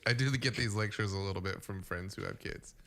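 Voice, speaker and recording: A man's voice: fairly low pitch, fairly quick, a crowd in the background. A man co-hosting a morning talk show, easygoing in casual banter.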